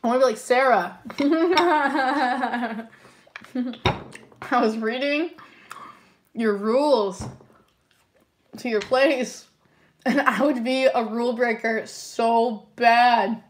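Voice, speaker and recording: A young woman chatting casually on a livestream, giggling and reacting excitedly to viewer comments. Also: fairly high pitch, slow pace, long pauses, slight background noise. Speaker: livestream tarot reader.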